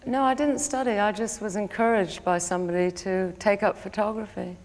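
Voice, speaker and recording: A woman guesting on a television chat show, answering in a relaxed, easygoing way. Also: medium pitch, brisk. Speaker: guest photographer. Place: television studio. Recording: studio reverb.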